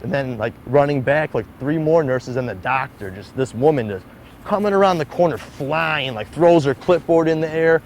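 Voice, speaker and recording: A man's voice: on the high side, lively intonation, moderate pace, a little hiss or hum, poor audio. A young man telling a personal story in an interview, peppering it with "like". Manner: heavy use of "like", acts out quoted voices. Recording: interview clip with music underneath.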